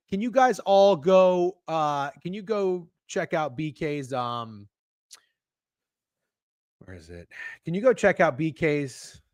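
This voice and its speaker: A man's voice: high voice, dry recording, clean studio sound. A man hosting a live stream, chatting casually in a rambling, profane, jokey way and reacting to chat. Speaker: stream host.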